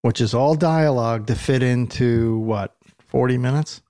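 A man's voice: medium pitch, moderate pace, mellow, dry recording, clean studio sound. A man hosting a casual chat, wry and joking, steering the conversation along. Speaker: podcast host.

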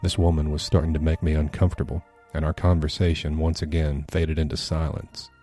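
Male horror narrator, very deep and mellow, steady measured read. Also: faint music behind. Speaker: podcast storyteller. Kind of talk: scripted horror story narration.

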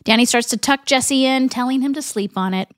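A woman with a fairly high voice walks through a TV episode scene by scene, reading the characters' lines aloud between casual asides. The sound is dry and close, with no room around her. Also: a little fast, no room sound. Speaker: podcast co-host. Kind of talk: episode recap narration.

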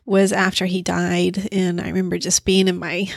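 A woman's voice: lowish voice, monotone, normal speed, creaky, dry recording, clean studio sound. A woman therapist explaining a coping skill in a casual, conversational way, thinking aloud as she goes. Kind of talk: casual teaching talk.

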